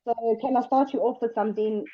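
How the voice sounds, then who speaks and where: A woman teaching an online English lesson, explaining patiently and slowly with examples. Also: a little high, steady tone, no room sound. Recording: dull lo-fi dry sound.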